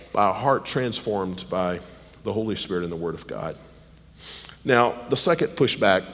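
A slightly hoarse man preaching a sermon, rising to high, emphatic stresses and dropping low and quiet. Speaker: pastor. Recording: long hall reverb.

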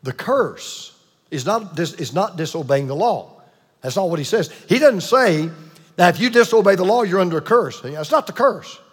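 A man's voice: high voice, lively intonation, moderate pace, slightly rough, long reverb tail. A man preaching a sermon with emphatic delivery, repeating key points and calling on the congregation to answer. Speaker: pastor.

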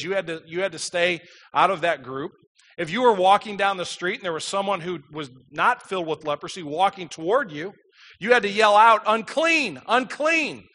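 A man's voice: fairly high pitch, bright, forceful tone. A man preaching a sermon, reading scripture aloud and explaining it, his voice rising with emphasis.

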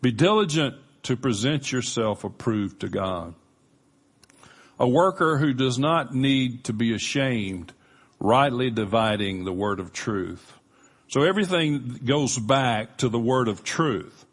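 A man preaching a sermon as pastor, earnest and emphatic, with measured pauses. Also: mid-range voice, slightly rough.

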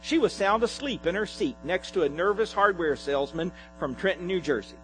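Animated male pastor telling a story. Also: high voice, fairly quick, soft background music, poor audio. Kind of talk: sermon with a read-aloud humorous sketch.

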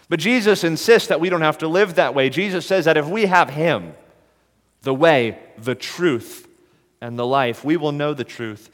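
A man preaching an earnest, measured expository sermon as a pastor. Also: on the high side, fairly bright tone, big-room sound.

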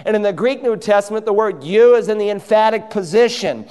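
A man's voice: high-pitched, fairly quick, a little mellow, smooth, big-room sound. A man preaching a sermon from a church pulpit, driving his points home and acting out the voices in the stories he tells. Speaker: pastor. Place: church sanctuary.

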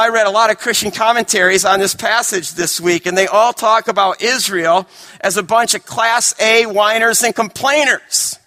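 A male pastor preaching a sermon, swinging dramatically between emphatic, raised lines and hushed, quiet ones. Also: sits high.

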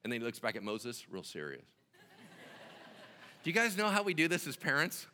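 A man preaching a sermon, telling the story in an animated way and acting out the dialogue. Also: mid-range voice, moderate pace, in a large hall, slight background noise. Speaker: pastor.

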